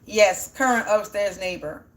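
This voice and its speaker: A woman's voice: mid-range voice, measured pace. A woman giving a casual spiritual reading, thinking aloud in a rambling way as she asks and answers her own questions, her voice sounding teary as if near crying. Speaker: spiritual energy reader.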